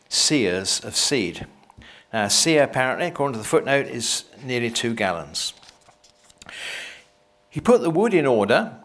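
A man's voice: medium pitch, fairly bright tone. A man reading a Bible passage aloud and breaking off for conversational, wry asides. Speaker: Bible teacher.

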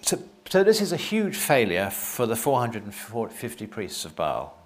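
A man's voice: medium pitch, huge pitch swings, unhurried. A man reading a Bible passage aloud and breaking off for conversational, wry asides. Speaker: Bible teacher.

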